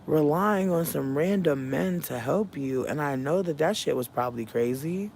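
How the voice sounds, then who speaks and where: A man's voice: fairly high pitch, brisk, darkish tone. A man in a casual livestream, animatedly telling a family story with profanity and laughs while thanking viewers. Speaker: live streamer.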